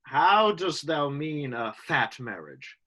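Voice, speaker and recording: An actor reading a curious male gentleman in a live online Shakespeare scene, asking brisk teasing questions over a video call. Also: a little high, big pitch swings, heavily acted. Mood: questioning.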